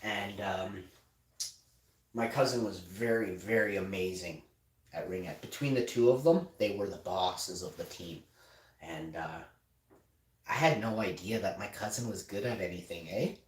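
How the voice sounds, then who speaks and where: A man in his forties chats and tells stories as host of a casual livestream. His lowish voice swings widely and now and then bursts into loud, excited shouting. He sits back from the mic in a room that echoes. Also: measured pace, recorded from a distance. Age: 40s. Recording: roomy sound, off-mic.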